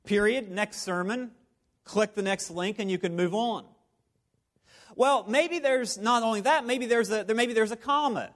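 A man with a high voice preaching a sermon to his congregation. He talks in a playful, conversational way and keeps circling back to the same phrases. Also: a little slow, fairly bright tone. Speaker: pastor. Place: church service before a live congregation.

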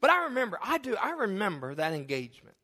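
A man in his forties preaches a lively, jokey sermon, acting out the people in his stories. His voice sits high and ringing, and long hall reverb trails each phrase. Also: fast talker. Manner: animated, jokey, acts out characters in anecdotes. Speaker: pastor. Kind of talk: sermon with storytelling. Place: church sanctuary.

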